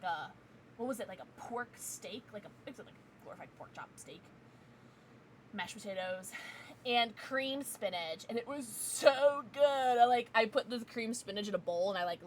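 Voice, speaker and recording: A woman streamer chatting casually while playing, giggly and chatty, quickly excited. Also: medium pitch, a little hiss or hum. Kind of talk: casual gaming livestream chat.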